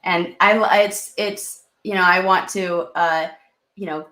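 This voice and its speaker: A woman's voice: fairly low pitch, fairly even intonation, unhurried, pushed and bright, echoey room. A woman in her thirties, a therapist and podcast guest, chatting casually and acting out quoted inner voices with the odd swear. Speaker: licensed marriage and family therapist, guest.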